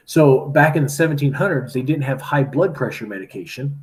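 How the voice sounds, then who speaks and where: A teacher retells a story to his class in a casual, chatty way, sprinkling in lots of "like" and "right?" His voice is medium-pitched and brisk, with hardly any pauses.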